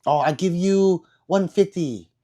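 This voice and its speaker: A man's voice: high-pitched, unhurried, warm tone, pitched above the performer's own voice. A man putting on a pushy shop vendor woman. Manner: clipped, insistent haggling. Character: pushy middle-aged female shop vendor haggling.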